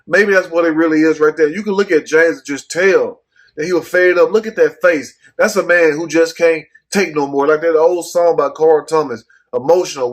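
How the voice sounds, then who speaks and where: A man's voice: fairly high pitch, moderate pace. A man giving blunt, profane casual commentary while reading out a news story. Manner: blunt, cussing, rhetorical asides. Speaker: commentary host.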